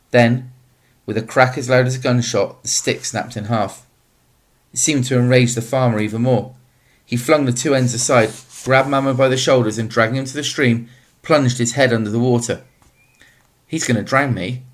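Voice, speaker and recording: An audiobook narrator, a man, reads a children's novel in a steady, measured voice. His pitch sits mid-range for a man, and he paces the story evenly.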